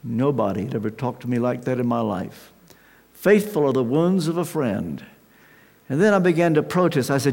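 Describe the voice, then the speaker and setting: An older man preaching a sermon, slow and emphatic with dramatic pauses. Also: a little high, sing-song, creaky, darkish tone. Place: large hall with an audience. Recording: reverberant hall sound.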